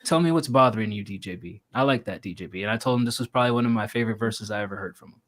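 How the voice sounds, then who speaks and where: A man's voice: fairly low pitch, rapid-fire. A man co-hosting a casual music review stream, blunt and joking, swearing freely.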